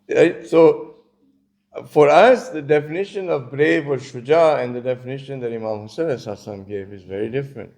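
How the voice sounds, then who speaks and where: Gravelly-voiced man giving a casual sermon. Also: on the high side, normal speed, darkish tone. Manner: casual, storytelling, many asides. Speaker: religious lecturer. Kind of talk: conversational sermon lecture. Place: community centre lecture.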